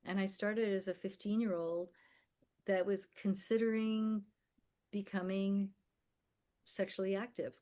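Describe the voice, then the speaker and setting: A woman's voice: medium pitch, little pitch movement, measured pace, pauses often, mellow. A woman in her sixties, from America and the Philippines, telling a personal story as a podcast guest in a vivid, emphatic way. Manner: vivid, emphatic storyteller who acts out quoted dialogue.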